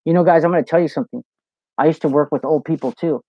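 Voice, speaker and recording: A man rambles easily through a live Q&A, swearing freely and spinning stories. His voice sits a little high. The recording is dry and dull, close and lo-fi. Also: fast, warm tone, dry recording. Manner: loose, profane, storytelling with lots of "you know". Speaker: host of a live Q&A show. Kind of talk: casual livestream chat, reading viewer comments.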